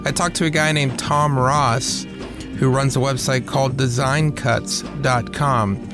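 A man's voice: mid-range voice, fairly even intonation, unhurried, music in the background. A man hosting a podcast, talking candidly and casually, swearing now and then and stumbling over repeated words. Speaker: podcast host. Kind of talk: casual podcast host read.

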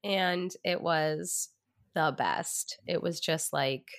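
A woman's voice: deep voice, slow pace, fairly bright tone. A woman hosting a podcast, chatting casually with a playful, teasing manner. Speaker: podcast host.

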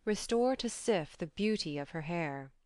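Stern old male chief god, commanding and grave, low dry reading; a woman narrator voices him. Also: lively intonation, a little slow, a little mellow, no room sound.

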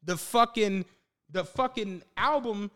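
A podcast host with a high, fairly bright voice speaks slowly as he tells a story in casual chat. He acts out the quotes and uses lots of profane slang.

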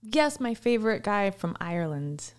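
A woman's voice: mid-range voice, very animated, normal speed. A woman guesting on a podcast, chatting casually and giggling, a little self-conscious.

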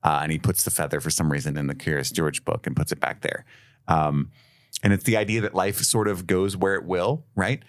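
Deep-voiced man chatting about a film. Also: brisk, no room sound, studio quality. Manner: relaxed, swears casually, quotes movie lines. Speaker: podcast co-host. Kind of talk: casual film review chat.

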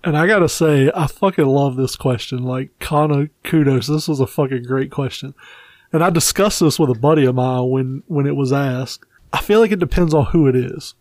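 A man's voice: medium pitch, moderate pace, a little mellow, no room sound. A man co-hosting a podcast who tells crude, joking stories in casual chat. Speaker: podcast co-host.

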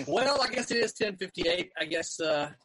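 A man hosts a casual group video call, wandering through announcements with lots of fillers. His voice is bright and forceful and a little high. The sound is dry and close. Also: husky, dry recording. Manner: relaxed, rambling, many fillers. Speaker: show host. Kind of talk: casual online group chat.

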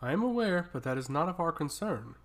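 A man doing a cold monotone abbess. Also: a little high, a little fast. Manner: flat monotone. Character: tall stoic woman abbot, cold and emotionless. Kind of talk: audiobook character reading.

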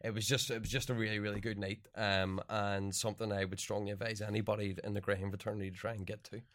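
A man's voice: lowish voice, little pitch movement, fast, a bit bright. A man co-hosting a podcast, talking in a laid-back way with plenty of "um" and "like". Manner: laid-back, full of fillers like um and like. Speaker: podcast co-host. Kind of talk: casual chat.

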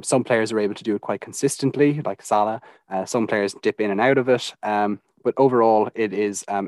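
A man, co-hosting a podcast in a measured, explanatory way. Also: lowish voice, no room sound. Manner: measured, explanatory, data-heavy. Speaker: podcast co-host. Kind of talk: analytical podcast chat.

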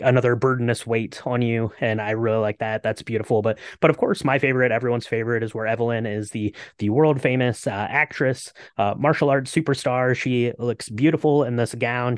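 A man's voice: mid-range voice, dry recording, studio quality. A man co-hosting a podcast, talking casually about a movie with a lot of hesitant fillers. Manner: rambling, lots of hesitant fillers. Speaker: podcast co-host.

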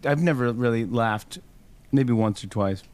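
A man co-hosting a casual podcast, excitable and quick to laugh as he tells a story. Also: medium pitch, no echo. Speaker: podcast co-host. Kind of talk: casual chat.

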